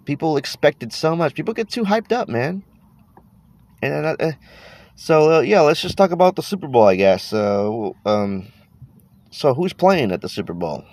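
A man's voice: a little high, very animated, normal speed, a little mellow. A man hosting a casual podcast, talking with a stuffy nose from allergies, tired, rambling and swearing as he trails off. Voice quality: congested, nasal. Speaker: podcast host.

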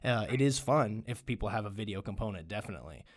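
A man's voice: lowish voice, quick pace. A man hosting a podcast, chatting casually and ranting with plenty of swearing. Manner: profane, animated ranting. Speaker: podcast host.

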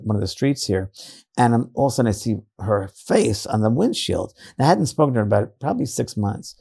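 Gravelly, husky man telling stories. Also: medium pitch, warm tone. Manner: earnest storytelling with frequent restarts. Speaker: psychic medium guest. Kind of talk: casual interview talk.

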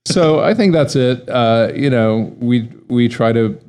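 A man being interviewed about his piano bar, relaxed and hesitant, laughing easily between answers. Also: medium pitch, a little slow, smooth.

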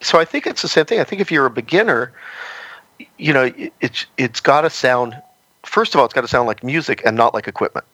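A man chatting as a guest on a podcast, his voice sitting at an everyday middle pitch. He rambles along with plenty of "you know" fillers. The sound is dry and close, with no room echo. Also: animated, a little fast, pushed and bright. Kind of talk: casual interview chat.

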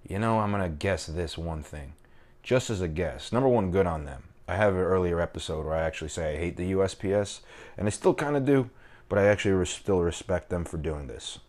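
A man's voice: low voice, fairly quick, a little mellow. A man hosting a casual solo podcast from his kitchen, rambling, swearing and joking at his own expense. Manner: profane, rambling, self-mocking. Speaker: comedian and podcast host. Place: home kitchen.

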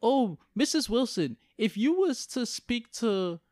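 A man's voice: extremely high pitch, animated, unhurried, a little mellow, no room sound, clean studio sound, voice pushed up. A man mimicking a prim young female news reporter, asking questions in a mockingly polite way. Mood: mock-polite.

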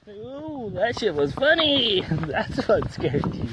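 A man outdoors in the countryside, swearing and giving gruff commands as he trains an animal. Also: high voice, very animated, takes it slowly, hardly any pauses. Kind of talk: casual talk to an animal. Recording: noisy outdoor recording.

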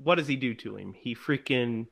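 A man co-hosting a podcast, casually retelling a horror film in an animated way and acting out the characters' lines. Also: mid-range voice, moderate pace, creaky, a crowd in the background. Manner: animated, acts out characters' lines in put-on voices. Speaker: podcast co-host.

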